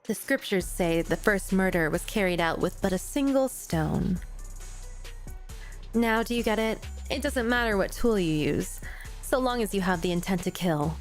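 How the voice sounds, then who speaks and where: A woman reads out the part of a ruthless young squad leader with a mid-pitched, even voice. She speaks calmly and with contempt, laying out the enemy's failings like settled fact. Faint music plays underneath. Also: lightly acted. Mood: cold. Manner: calm, contemptuous, measured taunting. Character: cold ruthless young female squad commander. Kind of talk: reading game dialogue aloud on stream.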